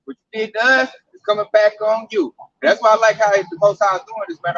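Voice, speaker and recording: A man with a very high voice speaks from some distance off the microphone. He tells stories in an emphatic, slangy way at a scripture discussion. The sound is dry and dull. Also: expressive, fast, few pauses, a bit bright, dry recording. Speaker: camp speaker.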